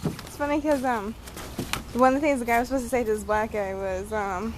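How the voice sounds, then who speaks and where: A woman's voice: fairly high pitch, steady tone, fairly quick. A young woman chatting casually to the camera while filming her pets in the yard, giggling and talking to her dog in a sing-song voice. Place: outdoors in a yard. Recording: noisy outdoor home video.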